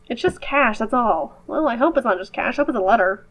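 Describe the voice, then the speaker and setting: A woman with a fairly high voice reads a game's narration aloud and keeps cutting in with playful, chatty jokes. Her voice sounds a little off, as if she is just over a cold. Faint music plays behind her. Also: expressive, fast talker, few pauses, rough recording. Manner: playful, chatty asides between read-out passages. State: voice slightly off after a recent cold. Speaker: gaming video host. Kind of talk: reading game text aloud with joking commentary.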